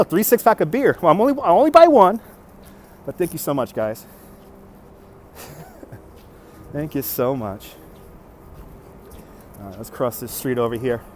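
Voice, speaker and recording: A man hosting a casual nighttime walking livestream outdoors on city streets, upbeat and thanking viewers for their donations, recorded on a phone. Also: high voice. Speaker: livestream walking tour host. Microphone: phone on a handheld gimbal.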